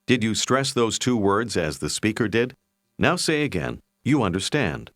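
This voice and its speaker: A man narrating a recorded language lesson in a clear, measured, teacherly way. His voice sits on the low side but moves with lively intonation. The sound is dry and close. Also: no echo. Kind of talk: scripted language-lesson instruction.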